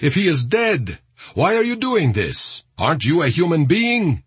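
A man's voice: a little high, big pitch swings, unhurried, fairly bright tone, breathy edge, no echo, voice pushed up, full character voice. A man reading an audiobook voices an angry soldier who presses reproachful questions on an armed mob. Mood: indignant. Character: angry indignant male soldier, adult.

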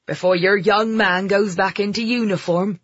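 An audiobook narrator voicing an older village landlady who speaks in a folksy, unhurried way, on a dull lo-fi recording. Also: mid-range voice, fairly even intonation, a bit bright, breathy edge, dry recording, voice pushed up. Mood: chatty. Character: elderly village landlady, plain-spoken.

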